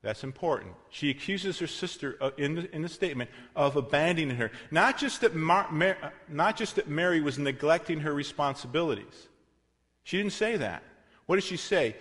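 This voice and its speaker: A man preaching a sermon in a conversational way, with asides and self-corrections, swinging between loud emphasis and quiet passages. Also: on the high side, animated, moderate pace. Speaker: pastor. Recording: long reverb of a large hall.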